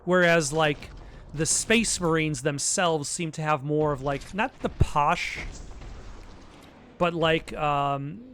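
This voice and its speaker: Guy rambling over a game, self-deprecating, lots of uhs and restarts, bit high voice, faint background noise. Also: steady tone, slow pace, fairly bright tone. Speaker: let's play commentator. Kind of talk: casual gameplay commentary.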